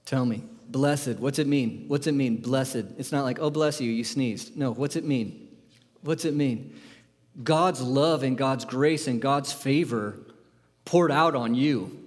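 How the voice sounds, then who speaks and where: A man preaching a sermon, firing rhetorical questions at the congregation in an animated, emphatic way. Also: mid-range voice, a little slow, in a large hall. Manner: asks the audience many questions, animated and emphatic. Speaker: pastor.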